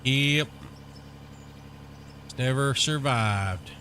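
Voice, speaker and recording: A man's voice: mid-range voice, drawn-out words, a little hiss or hum. Laid-back man chatting on a game stream. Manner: relaxed, rambling, filler-heavy banter. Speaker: gaming streamer. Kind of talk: casual chat with live viewers while playing.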